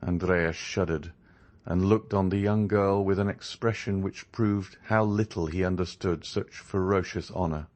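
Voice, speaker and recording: A man narrating a classic novel as an audiobook, in an expressive, measured storytelling manner. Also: deep voice. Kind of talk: scripted narration.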